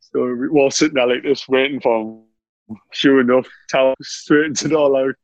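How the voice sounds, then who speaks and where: A man's voice: medium pitch, normal speed, dry recording, lo-fi sound. A man, a former footballer telling laughing anecdotes in casual chat. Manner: laughing, animated anecdotes with lots of "mate".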